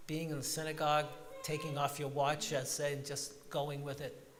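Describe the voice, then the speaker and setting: A man giving a reflective talk to his congregation in a synagogue, slowing down to stress sung phrases. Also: a little high, fairly bright tone, big-room sound. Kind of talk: sermon-like reflection. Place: large synagogue sanctuary.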